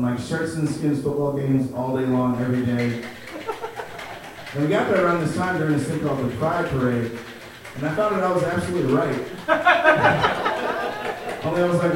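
This is a young stand-up comedian from Chicago, his voice on the high side, telling stories in a relaxed way onstage at a comedy club and laughing at his own material. The club recording is roomy and distant, with a noisy background.

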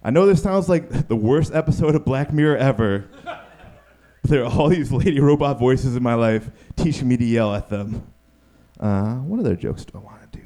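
A man performing a stand-up comedy set, telling stories and acting out the people in them, sometimes yelling. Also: mid-range voice, normal speed. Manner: animated, acts out quotes in yelling voices.

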